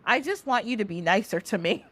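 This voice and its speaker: A woman's voice: mid-range voice, big pitch swings, fairly quick, a bit bright. A woman voicing the sun as a touchy, indignant male character. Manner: indignant, defensive.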